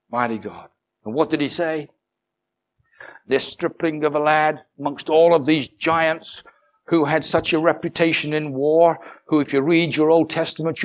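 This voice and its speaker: A man preaching a sermon, moving from measured storytelling to fervent, rising proclamation with calls of hallelujah. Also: fairly high pitch, highs cut off.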